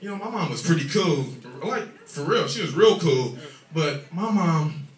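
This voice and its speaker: A man doing a profane, animated stand-up comedy set on a club stage, with shouted punchlines. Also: on the high side, unhurried. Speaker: stand-up comic. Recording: echoey club audio recorded from a distance. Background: loud crowd laughter.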